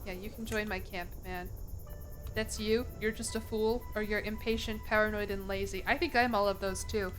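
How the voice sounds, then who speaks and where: A woman's voice: mid-range voice, normal speed, soft background music. A young woman streaming a game, cursing freely and joking at her own expense. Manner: profane, self-mocking, excitable. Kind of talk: casual gameplay commentary.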